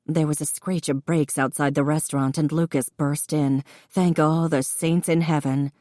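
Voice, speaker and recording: Brief: female audiobook narrator, low pitch, measured, dry studio read. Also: steady tone, dark tone, no echo. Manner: measured storytelling. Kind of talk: scripted narration.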